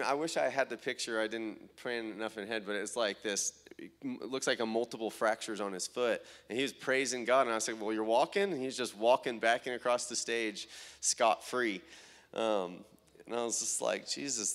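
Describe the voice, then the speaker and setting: A young man, a minister, telling testimony stories from healing meetings, halting with fillers and growing excited as he retells what people said. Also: mid-range voice. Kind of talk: testimony storytelling.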